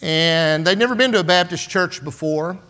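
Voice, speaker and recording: A man's voice: high-pitched, normal speed, bright, forceful tone, clear, resonant tone. Folksy preacher in his sixties. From San Antonio, Texas. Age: 60s. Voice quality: folksy, filler-heavy with "and, uh" and "man". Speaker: pastor. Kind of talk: storytelling sermon.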